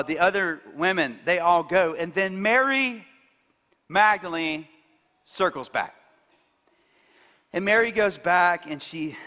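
A man preaching a sermon, retelling a story with sudden swings from soft to loud. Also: a little high, big-room sound.

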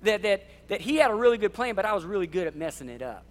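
Fired-up male pastor, high voice. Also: big pitch swings, fast. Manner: fired up, yelling, passionate. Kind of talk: sermon. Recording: long hall reverb.

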